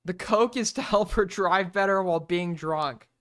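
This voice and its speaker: A man's voice: high voice, moderate pace, fairly bright tone. Guy streamer ranting about a clip, blunt and sweary, kinda exasperated. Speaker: streamer reacting to videos. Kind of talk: live-stream reaction commentary.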